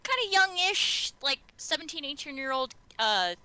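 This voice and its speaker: Woman game master, bright, dry close sound, rambling narration with fillers. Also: high voice, big pitch swings, normal speed, dry recording, low-quality recording. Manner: rambling, many fillers and restarts.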